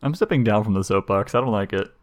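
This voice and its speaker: A man co-hosting a casual tech podcast, talking about security in a dry, deadpan, bored way. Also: on the low side, fast, dry recording. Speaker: podcast co-host, security guy.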